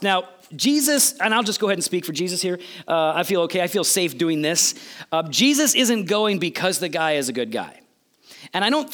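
A male preacher delivers a sermon in an animated storytelling manner. His voice sits high and moves all over the place. He acts out quotes and shifts between loud and soft phrases.

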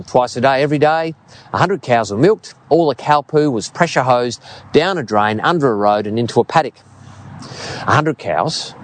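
A man in his fifties with an Australian accent, preaching a sermon and telling stories in an earnest, expressive way. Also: medium pitch, slight background noise. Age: 50s.

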